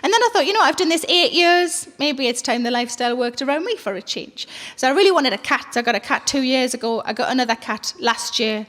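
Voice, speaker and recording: A woman's voice: high-pitched, quick pace, hardly any pauses, long reverb tail. A middle-aged woman performing a stand-up comedy set, telling stories bluntly and swearing freely. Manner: blunt, swearing, animated storytelling. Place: theater stage with live audience.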